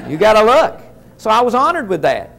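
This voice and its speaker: A man's voice: high-pitched, huge pitch swings, unhurried, vocal fry, fairly bright tone, a faint crowd, slight background noise. A man telling a humorous story in a keynote speech, talking to his audience in a folksy way. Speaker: motivational speaker.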